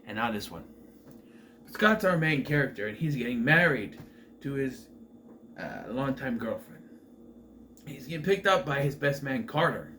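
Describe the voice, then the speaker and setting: A man's voice: on the high side, sharp tone, slight background noise. A man casually reviewing a horror movie, rambling and offhand, swearing freely as he recaps the plot.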